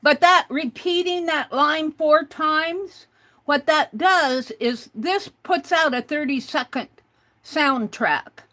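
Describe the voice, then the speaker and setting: A woman hosts a casual livestream in a high-pitched, bright, forceful voice, speaking slowly. She chats with viewers and reads their comments out loud, spelling words letter by letter.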